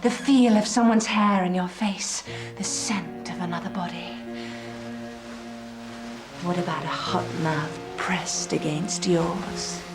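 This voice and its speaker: A possessed seductress, low and slow, breathy, hungry, eerie, TV drama. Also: female voice, steady tone, over music. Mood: seductive. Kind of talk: TV drama acting.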